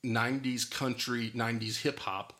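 A man's voice: mid-range voice, little pitch movement, normal speed, a crowd in the background. A man hosting a podcast in casual chat, rambling off on tangents and laughing often. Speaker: podcast host.

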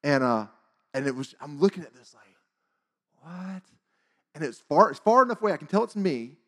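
A man in his forties shares a church testimony in a lively, casual voice and acts out every line of dialogue. His voice sits higher than most men's. The talk sounds loose and conversational. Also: fast. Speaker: church speaker. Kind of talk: testimony storytelling.

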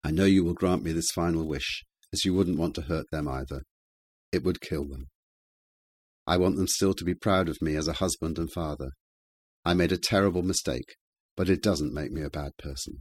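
A man's voice: sits low, normal speed. A man reading a pleading, formal confession. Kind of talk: reading a letter aloud.

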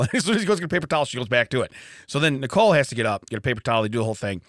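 Animated, laughing middle-aged male podcaster. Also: mid-range voice, rapid-fire, dry recording, clean studio sound. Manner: animated storyteller, laughs often. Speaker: podcast co-host. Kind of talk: casual chat. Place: podcast studio.

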